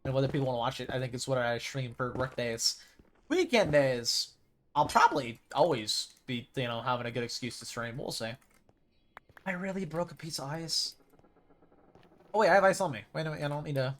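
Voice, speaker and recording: A man's voice: mid-range voice, brisk. A young man streaming a video game, chatting casually and rambling as he plays. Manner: rambling, chatty, with sudden loud mimicking shouts. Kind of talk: casual gameplay chat.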